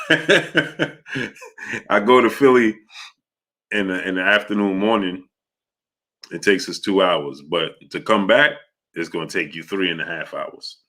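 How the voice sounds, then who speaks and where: New guy hosting a sports stream, deep but punchy voice, rambly, lots of uhs, shouting out chat names. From New York. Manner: rambling, greets chat viewers by name, many filler sounds. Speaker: sports show host. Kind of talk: casual livestream chat.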